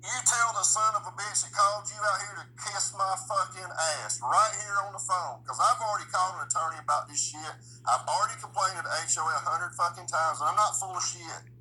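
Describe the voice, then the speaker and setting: A man's voice: sits high, fairly quick, hardly any pauses, bright, forceful tone, slight background noise, poor audio. A man from the South, ranting to the camera outdoors on his street, swearing constantly in a blunt, heated way. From Midland, US South. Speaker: vlogger. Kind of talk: angry profane rant to camera.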